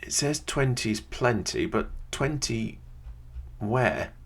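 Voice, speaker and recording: A man, thinking aloud in casual gameplay commentary from a quiet home room, often pausing with "um". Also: mid-range voice, expressive, gravelly, slightly rough. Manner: thinks aloud, chatty, many "um"s. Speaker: video creator playing a geography game. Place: quiet home room with a computer under the desk.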